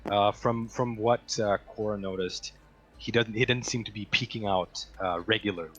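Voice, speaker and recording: A man's voice: lowish voice, steady tone, normal speed, fairly bright tone, dull audio. A man narrating a tabletop game as game master, with frequent hesitant fillers.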